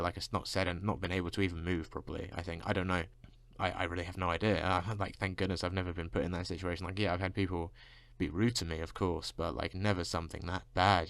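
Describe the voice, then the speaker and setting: A man's voice: deep voice, vocal fry, a bit bright, clean tone, dry recording. A man vlogging a casual rant, constantly saying "like" and swearing freely. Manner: fills speech with "like", swears freely.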